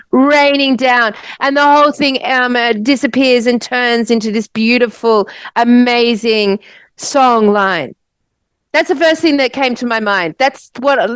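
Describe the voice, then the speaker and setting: Animated Australian woman, quick and vivid storyteller. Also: high-pitched, no room sound, poor audio. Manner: breathless, vivid storytelling with swearing. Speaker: podcast co-host telling her story. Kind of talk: casual podcast chat.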